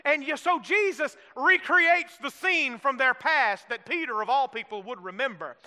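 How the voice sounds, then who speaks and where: A man's voice: very high-pitched, animated, moderate pace, sharp tone. A man preaching a sermon with folksy humor, prompting the congregation to repeat phrases and acting out the disciples' lines. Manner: preaching with call-and-response prompts. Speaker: pastor. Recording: long hall reverb.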